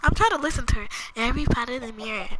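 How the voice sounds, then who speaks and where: A woman's voice: on the high side, expressive, racing, bright, forceful tone. A young woman giving rambling, casual commentary to viewers while playing a game, often dropping to murmurs. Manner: chatty, rambling, talks to viewers as "y'all". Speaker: gaming channel host. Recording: music playing behind voice.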